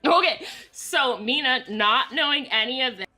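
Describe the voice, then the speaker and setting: High, bright, playful woman player. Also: expressive, moderate pace, faint music behind. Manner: playful, giggly, teasing. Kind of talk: playing a tabletop game.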